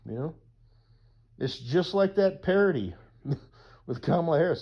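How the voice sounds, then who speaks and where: A man's voice: on the high side, very animated, unhurried, pauses often, slightly rough. A man talking in a casual rambling monologue as a YouTuber, profane and full of whooping asides, on slightly dull lo-fi audio.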